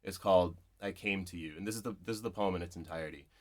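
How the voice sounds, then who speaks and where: Low-voiced guy, a poet chatting at a bookshop event, kinda rambly and reflective, keeps saying like and right. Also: quick pace. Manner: thoughtful, digressive, full of "like" and "right?". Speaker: poet, interview guest. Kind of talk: live conversation at a bookshop event.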